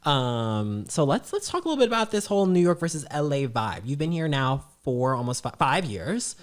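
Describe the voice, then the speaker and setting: A podcast host chatting casually, playful and animated, often repeating short phrases. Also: medium pitch, brisk. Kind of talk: casual chat.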